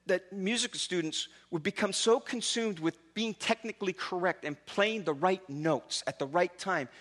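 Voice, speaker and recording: Bright high-voiced male pastor preaching. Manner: animated storytelling with casual asides. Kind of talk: sermon.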